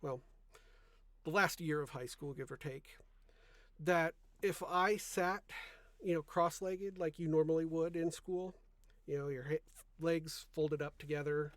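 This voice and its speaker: Young man, podcast host, casual rambling chat, soft-spoken, keeps restarting his sentences, dry close sound. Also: on the high side, fairly even intonation, unhurried, no echo.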